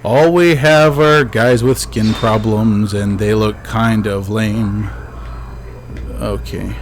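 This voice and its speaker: A man's voice: lowish voice, fairly even intonation, takes it slowly, background noise. A man giving casual let's-play commentary as a game streamer, chatty and joking, talking back to the ghosts on screen.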